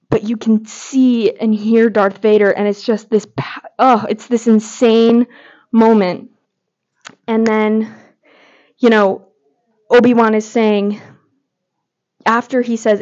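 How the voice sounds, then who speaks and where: A woman's voice: mid-range voice, fairly even intonation, measured pace, a little mellow. Woman host, casual gushing fan commentary, medium voice, dull lo-fi recording. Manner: gushing, heavy filler words. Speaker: podcast host. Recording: slightly dull lo-fi audio.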